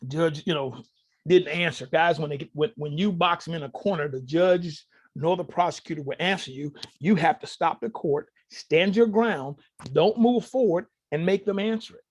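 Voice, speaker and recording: A man with a somewhat high, husky voice, sharing stories as a guest on a talk show. He tells them casually and with energy, turning now and then to speak directly to the listeners. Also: moderate pace. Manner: animated, addresses listeners directly. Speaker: podcast guest. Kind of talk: casual storytelling to an audience.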